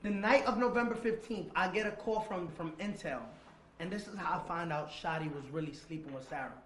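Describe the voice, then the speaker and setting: A man with a fairly high voice tells a painful personal story as an interview guest, looping back over dates and phrases and swearing freely. At the rawest parts his voice sinks almost to a whisper. The room around him is echoey, with a faint hiss underneath. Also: brisk. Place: seated indoors across from the interviewer.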